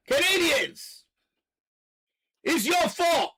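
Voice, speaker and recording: A man hosting a live stream, delivering a loud, profane, repetitive rant and stopping now and then to catch his breath. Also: extremely high pitch, animated, measured pace, long pauses, poor audio. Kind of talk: ranting live stream monologue.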